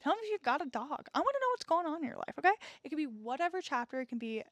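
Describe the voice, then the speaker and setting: A woman's voice: high voice, sing-song, racing, no room sound. A young woman hosting a solo podcast, talking in an earnest, reassuring, chatty way and often checking in with "okay?". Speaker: podcast host.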